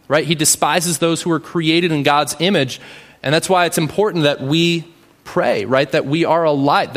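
A man delivers a sermon in a relaxed, conversational manner, often tagging his points with a quick question. His voice sits a little high, and a long reverb trails behind it, as in a large church hall. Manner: conversational, frequent "right?" tags. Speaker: pastor.

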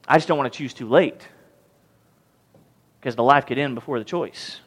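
A pastor preaching a sermon, animated and questioning his congregation. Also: medium pitch, normal speed, breathy edge. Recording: long hall reverb.

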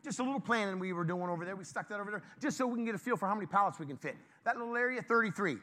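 Male pastor, high bright voice, chatty sermon, playful with the room. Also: very fast. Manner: lively, conversational, joking with the congregation. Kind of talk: informal sermon to a congregation.

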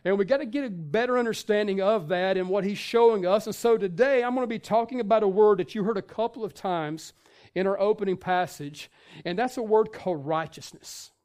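A man's voice: high-pitched, fairly quick, a little mellow. A male pastor giving a sermon in a conversational way, with many fillers and restarts.

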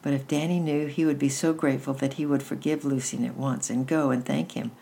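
A woman reading a children's book aloud in a gentle, unhurried way, with small restarts. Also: extremely low pitch, steady tone, gravelly, a little hiss or hum. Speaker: storyteller.

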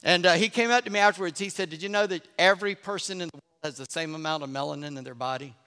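Animated preacher in a reverberant hall. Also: male voice, a little high, fast, smooth. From Charleston, South Carolina. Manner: animated storytelling, drops to a hush for effect. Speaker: pastor. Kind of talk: sermon.

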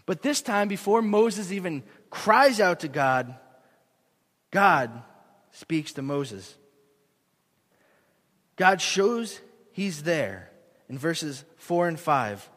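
High-voiced young man preaching in a hall. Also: very slow, pauses often. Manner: earnest, animated, self-deprecating. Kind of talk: sermon. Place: church sanctuary. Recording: long echo of a large hall.

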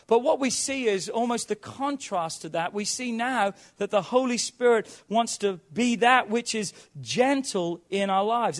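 A male pastor with a notably high voice delivers a sermon. He leans on rhetorical questions and strings of repeated phrases to drive each point home. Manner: preaching with rhetorical questions and repetition.

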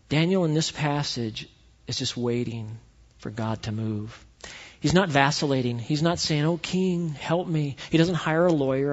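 A male pastor preaching a sermon in a church, telling the story with animated swings between loud and quiet delivery. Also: medium pitch. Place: church sanctuary. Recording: echoey hall, dull lo-fi sound.

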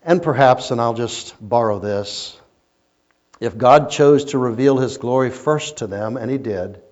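A man preaching a sermon as a pastor, telling stories and swinging between loud emphasis and quiet asides. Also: medium pitch, measured pace. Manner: storytelling preacher, rising and falling in intensity. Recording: muffled lo-fi recording.

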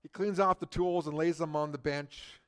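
A middle-aged man preaching a sermon, who swings from loud emphasis to a hushed near-whisper. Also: a little high, moderate pace, clear, resonant tone. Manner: acts out quoted people in lively voices. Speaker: pastor.

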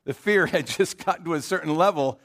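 A man's voice: a little high, brisk, a bit bright. A male pastor with a Southern American accent, preaching a casual, storytelling sermon full of asides and rhetorical questions. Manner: conversational storytelling, frequent fillers and rhetorical questions.

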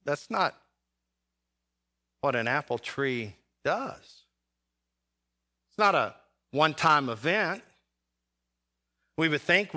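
A man pastor preaching a sermon, with dramatic pauses and big swings between loud and soft. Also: a little high, expressive. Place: church sanctuary.

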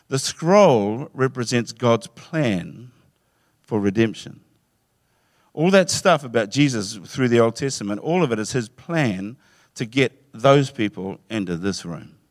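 Animated male preacher, dry sound. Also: on the low side, normal speed, dry recording. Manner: animated storytelling, acting out voices with laughs. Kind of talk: sermon.

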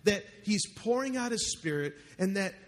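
A man's voice: high-pitched, expressive, moderate pace. A man preaching a sermon to a live congregation in church, joking and calling out questions to the crowd. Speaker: pastor.

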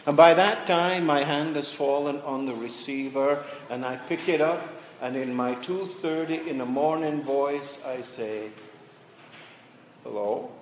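Man, pastor, sermon, unhurried deliberate delivery, echoey church heard from a distance. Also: a little high, slight background noise. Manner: slow, deliberate preaching with dramatic pauses.

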